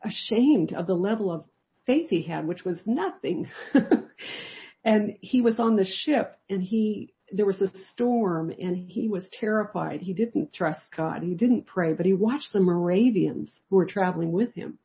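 A woman's voice: medium pitch, unhurried, lo-fi sound. A woman teaching a live Bible study, telling a personal testimony in a conversational, storytelling way. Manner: conversational storytelling, lively shifts in loudness.

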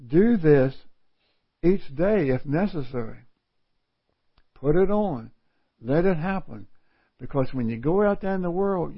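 Slow-talking folksy preacher man. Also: on the high side, creaky, slightly rough, highs cut off. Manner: folksy, self-mocking, laughs often. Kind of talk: sermon.

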